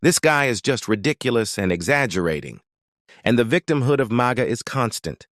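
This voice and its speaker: A man's voice: mid-range voice, big pitch swings, a little fast, fairly bright tone, dry recording, studio quality. Sarcastic man hosting political commentary. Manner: sarcastic, scornful. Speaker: commentary channel host. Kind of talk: political commentary over clips.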